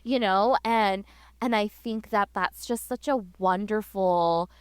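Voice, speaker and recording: A woman's voice: medium pitch, slow, clear, resonant tone, no echo, clean studio sound. A woman co-hosting a podcast in casual chat, gushing and rambling with many restarts and fillers. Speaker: podcast co-host.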